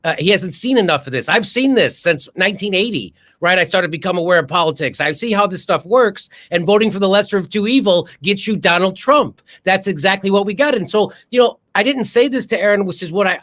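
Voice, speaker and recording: Man, older, heated political rant, profane, bright tone, fairly high pitch. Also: animated, a little fast. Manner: profane, ranting, rhetorical questions. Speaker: comedian political show host.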